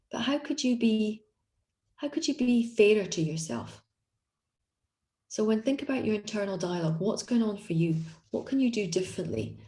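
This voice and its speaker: A woman's voice: medium pitch, dark tone, reverberant. A woman coaching an online group session on confidence, talking in an encouraging, conversational way with frequent restarts. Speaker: executive coach.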